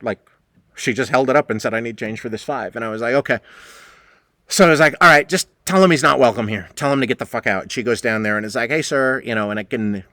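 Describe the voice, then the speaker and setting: A man's voice: medium pitch, fast, no room sound, clean studio sound. A middle-aged man, hosting a podcast and telling a rambling, profane bar story, acting out the people in it. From New England, United States. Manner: animated, profane, acts out quoted voices.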